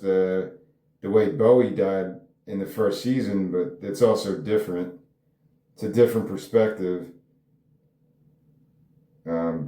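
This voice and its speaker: A lowish, warm male voice belongs to a screenwriter chatting solo about his own script. He rambles and muses aloud with frequent hedges, and the room he's in is echoey.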